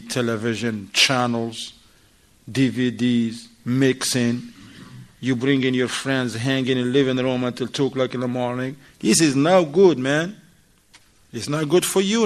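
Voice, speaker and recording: A man voicing a devout wife who earnestly and gently advises her husband. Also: mid-range voice, level tone, a little slow, natural voice. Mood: urging.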